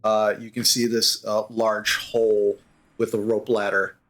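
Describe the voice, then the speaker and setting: A man narrating as the dungeon master of a tabletop game, with a halting delivery full of fillers. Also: lowish voice, level tone, fairly bright tone.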